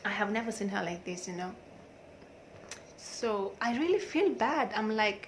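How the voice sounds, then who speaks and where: A young woman speaks straight to the camera in a candid personal vlog. She talks in an emotional, confiding and outspoken way. Her voice sits at a medium pitch, and faint background noise runs underneath. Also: animated, a little slow, pauses often. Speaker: vlogger.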